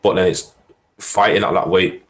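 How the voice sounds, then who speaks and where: A man's voice: deep voice, level tone, normal speed, low-quality recording. A man chatting casually on a podcast, telling stories with frequent laughs and fillers. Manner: laid-back storytelling, frequent laughs and fillers. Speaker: podcast co-host. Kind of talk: casual chat about MMA.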